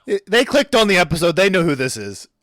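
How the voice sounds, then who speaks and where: A man co-hosts a podcast in a casual chat, talking fast in a high, sing-song voice with a slightly bright tone on a dry recording. He rambles, corrects himself as he goes, and stumbles over his words.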